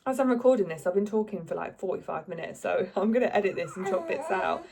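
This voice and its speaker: A woman's voice: medium pitch, quick pace, creaky, a crowd in the background. A young woman telling her story in a chatty, emotional way to camera, with lots of fillers. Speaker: vlogger.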